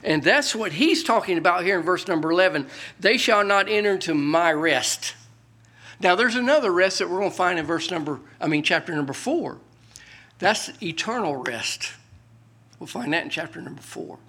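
Bright-voiced preaching pastor, man. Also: expressive, moderate pace, slightly rough. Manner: folksy preaching, swings from loud scripture reading to low asides. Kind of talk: sermon.

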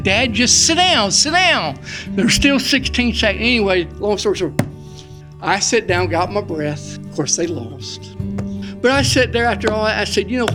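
A middle-aged man preaching a sermon in a folksy, excitable storytelling way, out of breath. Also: sits high. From Florida. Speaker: pastor.

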